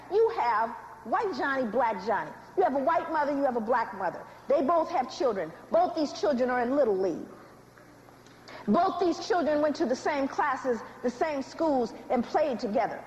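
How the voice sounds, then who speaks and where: A woman giving a public lecture with animated, dramatic storytelling and direct asides to the audience. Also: sits high, roomy sound, slight background noise, poor audio. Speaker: speaker.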